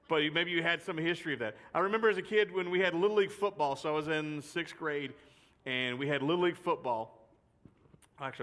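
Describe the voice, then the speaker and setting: A man's voice: medium pitch, fairly bright tone. A man giving a chatty, joking youth sermon full of personal stories, repeating phrases for effect. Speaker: youth speaker. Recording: long reverb of a large hall.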